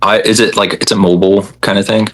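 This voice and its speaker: A man's voice: on the low side, little pitch movement, fast talker, a bit bright, rough recording. A young man, a podcast guest, chatting casually with a rambling, hesitant manner full of fillers. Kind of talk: casual chat.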